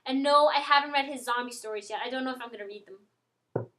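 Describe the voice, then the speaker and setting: A young woman chatting casually to her webcam, rambling with lots of ums and restarts and getting excitable. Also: high voice, quick pace. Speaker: vlogger. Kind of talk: casual chat to camera.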